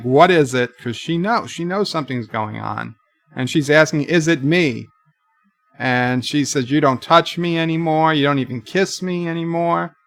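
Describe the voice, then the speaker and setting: A man recapping a TV episode live, retelling the dialogue slowly with occasional comments of his own. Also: medium pitch, vocal fry, a bit bright. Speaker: video reviewer. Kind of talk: live watch-along recap.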